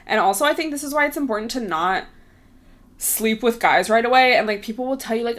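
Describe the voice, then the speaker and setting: A woman's voice: on the high side, brisk, a bit bright. A young woman in her twenties, hosting her own podcast, talking casually, laughing often and saying "like" a lot. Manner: chatty, lots of "like", laughs often. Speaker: podcast host. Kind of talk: casual solo chat.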